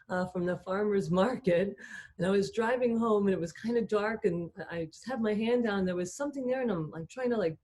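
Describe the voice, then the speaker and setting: A woman's voice: mid-range voice, warm tone, slightly rough. A woman taking part in an online talk chats in a light, chatty way with lots of fillers, over a video call. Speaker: webinar participant. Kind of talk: casual chat.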